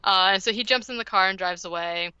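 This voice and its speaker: A woman's voice: mid-range voice, brisk, sharp tone, clean tone, no room sound, lo-fi sound. A woman podcast host casually recapping a movie, rambling with lots of "like" and "um". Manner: rambling, heavy use of "like" and "um".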